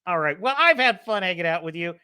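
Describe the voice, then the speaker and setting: A man hosting a casual livestream podcast, opinionated and animated, sliding into heated ranting about culture and movies. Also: sits high, quick pace, clean tone. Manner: imitates radio DJ cadence. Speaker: podcast host.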